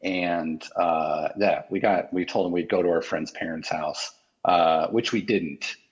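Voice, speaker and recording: A man in an interview, telling a painful personal story in a halting, emotional way with many restarts. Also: deep voice, fairly even intonation, breathy edge, highs cut off.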